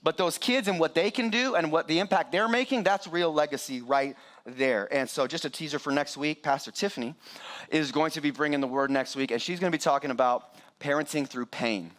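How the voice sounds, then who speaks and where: A middle-aged man preaching a sermon as pastor, animated and joking with the congregation. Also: a little high, brisk.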